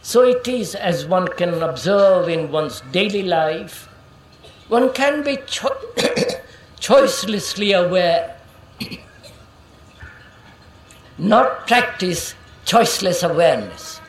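A woman's voice: fairly low pitch, very animated, takes it slowly, pauses often, a little hiss or hum. A woman giving a reflective public talk, asking questions and often checking whether listeners follow, calling them sir. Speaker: public speaker.

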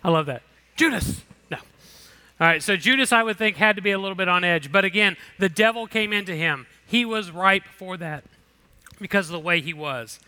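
A man's voice: sits high, a little fast, bright, forceful tone, smooth. A man leading a Bible lesson, reading scripture aloud and commenting in a casual, conversational way. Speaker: Bible study teacher.

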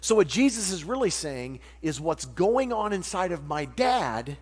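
A man preaching a sermon, animated and jokey, acting out little voices as he teaches. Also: sits high, a little slow, husky. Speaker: pastor. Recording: long hall reverb with mains hum.

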